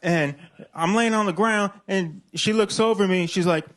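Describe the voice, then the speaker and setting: A man in his thirties from Illinois, answering questions on a comedy club stage in a slow, hesitant, deadpan way full of fillers. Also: sits high. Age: 30s. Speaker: comedian being interviewed. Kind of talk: slow halting comedy chat.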